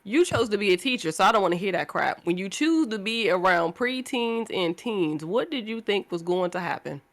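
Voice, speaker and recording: A woman's voice: medium pitch, expressive, moderate pace. A woman who is a guest on a podcast, talking frankly and with strong opinions in casual chat.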